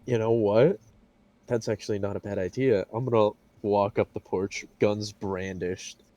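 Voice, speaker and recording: A male player with a very low, mellow voice speaks in character, cool and deliberate. He sounds steady and sure of himself. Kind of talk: in-character tabletop play.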